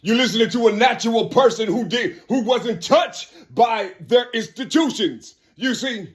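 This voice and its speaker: A man talking straight to camera in a rambling monologue, constantly adding "you see" and "you know," restarting phrases and breaking into laughs. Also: moderate pace. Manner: laughs between phrases, drops suddenly low and quiet. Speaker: vlogger.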